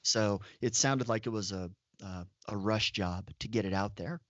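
A man's voice: lowish voice, moderate pace, a bit bright, dry recording. Man, podcast co-host, opinionated, dry and dull lo-fi sound. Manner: opinionated, emphatic asides. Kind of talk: casual chat.

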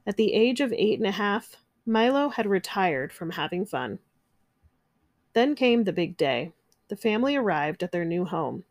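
A woman reading a children's picture book aloud, gentle and expressive. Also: mid-range voice, moderate pace, dry recording, studio quality. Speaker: narrator. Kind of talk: children's storybook read-aloud.

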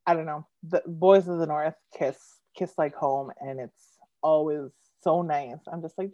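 A woman in her thirties, a poet guest, telling stories in a giggly, animated way with frequent laughter. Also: sits low, unhurried, no echo. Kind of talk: casual storytelling chat. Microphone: video call. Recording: dull lo-fi online call sound.

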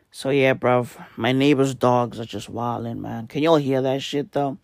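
A man hosting a podcast, with a hoarse, worn-out voice and low energy, talking in a casual, profane comedic rant. He keeps tagging his lines with slang and "right?". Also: fairly even intonation, normal speed, few pauses, no room sound, studio quality. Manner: profane, repetitive, tags lines with "bruv" and "right?". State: hoarse, voice nearly gone. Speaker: podcast host.

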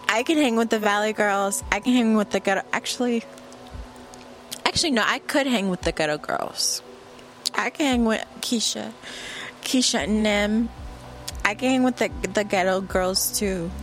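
A woman's voice: mid-range voice, a bit bright. A woman hosting her own podcast, ranting in a brash, profane, rambling way, straight to the listener. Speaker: podcast host. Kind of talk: casual solo podcast rant.

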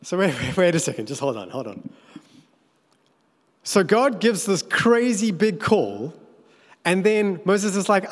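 A man preaching a sermon, telling the story with animated, playful asides. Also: high voice, a little slow, pauses often. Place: church hall. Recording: echoey church hall.

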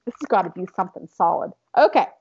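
A woman's voice: lowish voice, expressive, quick pace, husky. A young woman co-hosting a casual chat, nervous and giggly, then reading a heartfelt speech aloud in an earnest way. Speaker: podcast co-host. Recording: dull, lo-fi sound.

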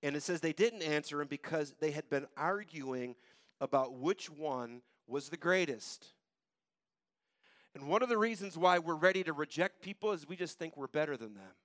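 A man preaching a sermon, retelling scripture in casual everyday words and swinging between loud urgency and quiet, low intensity. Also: lively intonation, moderate pace, dry recording, studio quality. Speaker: pastor.

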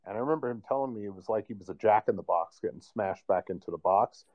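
Low-voiced man telling a rambling story. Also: fast, a little mellow, dull audio. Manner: rambling storyteller, many fillers. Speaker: guest sharing a personal story. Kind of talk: casual podcast conversation.

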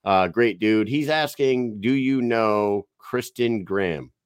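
A man co-hosting a podcast in casual chat, telling stories in an animated, profane way. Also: lowish voice, takes it slowly, clear, resonant tone, dry recording, clean studio sound. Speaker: podcast co-host.

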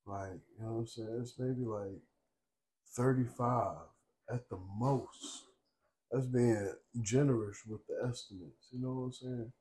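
A man's voice: medium pitch, measured pace. Young male podcast co-host, casual and profane, constantly checks in with the listener, middle-range voice. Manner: profane, streetwise storytelling with constant "you know what I'm saying"; gets loud and laughs when animated. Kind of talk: casual chat.

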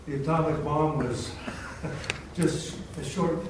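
A man speaks up from the audience, far from the microphone, his voice washed in heavy echo with audible room noise. He muses slowly, linking one idea to the next. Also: on the high side, fairly even intonation. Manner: musing, slow, associative. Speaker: audience member at a retreat. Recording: far from the mic in a very echoey room with background noise.

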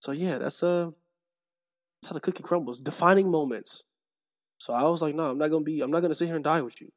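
Animated young man telling a story. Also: on the high side, fast talker. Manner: animated storyteller acting out quoted people. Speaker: podcast guest, streamer. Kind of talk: casual storytelling chat.

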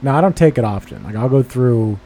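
A man's voice: medium pitch, expressive, brisk, mellow, a little hiss or hum. A man on a podcast telling a profane, exasperated story and acting out the dialogue. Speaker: podcast host. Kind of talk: casual chat. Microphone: studio microphone.

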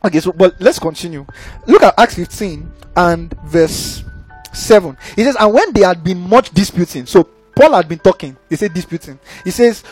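A young man preaching a sermon in an animated, conversational way, often checking that listeners follow. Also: high-pitched, normal speed, breathy edge, soft background music.

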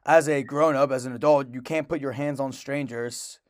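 A man's voice: mid-range voice, steady tone, normal speed. A man co-hosting a podcast in casual chat, laid-back and reacting with short comments. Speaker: podcast co-host.

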